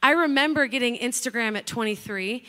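A woman in her thirties preaching a casual, chatty sermon to young people, full of asides and excited bursts. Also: a little high, fairly quick. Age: 30s.

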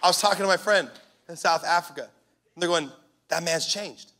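A man's voice: on the high side, a little fast, pushed and bright, a little hiss or hum. A man preaching a sermon as a pastor, in an impassioned, punchy way.

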